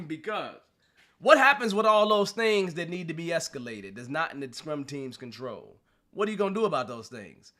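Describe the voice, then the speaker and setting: A man's voice: on the high side, sing-song, normal speed, pushed and bright. A man hosting a live streamed talk show, talking animatedly about his work with rhetorical questions and frequent laughs. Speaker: show host and Scrum trainer.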